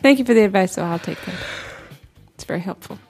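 A woman's voice: medium pitch, expressive, fast talker, a little mellow, breathy edge, faint music behind. A woman co-hosting a radio show, chatting casually and playfully with her husband.

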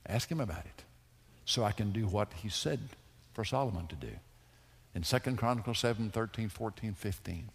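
A man preaching in a church sanctuary, his voice leaping between ringing calls and near-murmurs. The tone is husky and the melody very lively. A long reverb trails each phrase through the big hall. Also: mid-range voice, normal speed, pauses often. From United States. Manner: impassioned, swinging between loud pleas and hushed lines. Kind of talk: sermon.

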